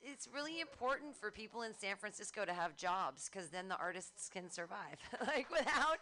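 Female comedy emcee, bubbly and sarcastic, bright tone, slightly high. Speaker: comedy show host.

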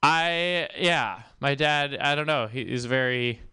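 A man doing stand-up comedy in a hesitant, halting way, with many restarts. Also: mid-range voice, sharp tone, smooth. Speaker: stand-up comic.

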